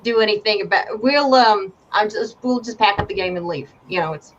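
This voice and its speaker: A woman's voice: mid-range voice, a little fast, lightly acted. A woman voicing a sarcastic, easily flustered man in a tavern, on a dull lo-fi recording with faint hiss. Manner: mocking, then flustered. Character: sarcastic bored male tavern player.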